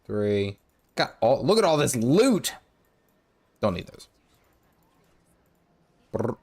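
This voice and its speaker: Playing on a live stream, this animated gaming streamer talks casually despite a sore throat, his mid-range voice husky and slow. He wanders from thought to thought, fixes his own words, and breaks into humming and nonsense singing.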